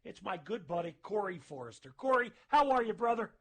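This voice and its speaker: A man's voice: high voice, very animated, a little fast, a bit bright. A man hosting a radio show, chatting and ribbing an old friend with plenty of laughter. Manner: laughing, chummy, ribbing his guest. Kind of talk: casual radio interview.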